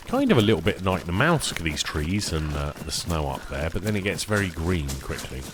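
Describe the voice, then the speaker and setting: A man chatting casually while streaming a survival game, tired and rambling, easily excited by small finds. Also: deep voice, normal speed, background noise. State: tired, yawning. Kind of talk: casual live-stream commentary.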